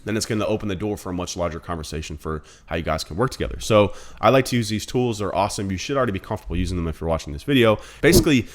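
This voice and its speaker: Fast-talking low-voiced man teaching. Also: animated. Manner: fast, blunt and conversational, addresses viewers as guys. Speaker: marketing instructor. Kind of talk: casual screen-recorded tutorial.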